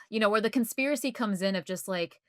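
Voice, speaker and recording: A woman's voice: mid-range voice, fairly quick, dry recording, studio quality. A woman co-hosting a podcast in casual chat, rambling with lots of fillers and frequent laughter. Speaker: podcast co-host.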